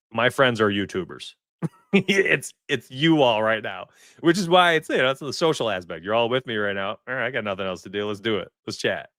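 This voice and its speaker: Excitable forties man hosting a stream. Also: fairly low pitch, no room sound, studio quality. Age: 40s. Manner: excitable, chatty, laughs often. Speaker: sports betting livestream host. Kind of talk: casual livestream chat.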